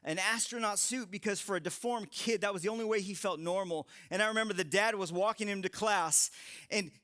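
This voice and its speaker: A man in his thirties giving a live sermon to a young adult crowd in a large room, telling stories with animated humor. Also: sits high, fairly quick. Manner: animated, joking storytelling. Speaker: young adult ministry speaker.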